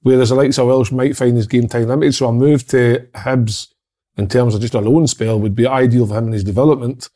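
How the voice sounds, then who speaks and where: A man pundit in a loose football chat. He talks quickly and rambles, restarting and repeating his phrases as he goes. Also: mid-range voice, fairly even intonation, warm tone.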